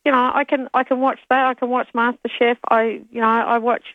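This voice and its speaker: A woman's voice: on the high side, flat delivery, brisk, dry recording. An older woman with an Australian accent calls in to a radio show, chatting in a rambling way with many ums. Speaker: caller. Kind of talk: casual chat. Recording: phone line.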